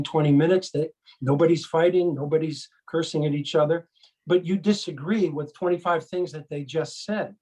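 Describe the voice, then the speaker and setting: A man with a somewhat high, husky voice, talking in a casual group discussion. He stumbles and repeats words as he works out his question. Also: darkish tone, low-quality recording. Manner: halting, repeats words, restarts. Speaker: discussion participant.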